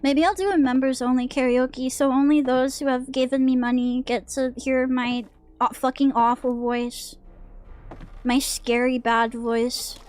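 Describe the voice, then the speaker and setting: Woman, VTuber streamer, high voice, casual game commentary, jumpy, swears, jokes with chat. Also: little pitch movement, measured pace, darkish tone.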